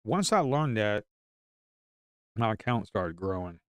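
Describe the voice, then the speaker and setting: A man's voice: fairly low pitch, sing-song, takes it slowly, clean tone, dry recording. A man giving live stock trading commentary in an emphatic, repetitive way.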